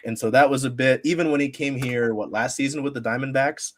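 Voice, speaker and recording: Man, Pacific Northwest American accent, mid pitch, casual podcast guest, rambling, laughs a lot, fillers. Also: fairly quick. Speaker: sports media creator, guest. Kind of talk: casual podcast interview storytelling.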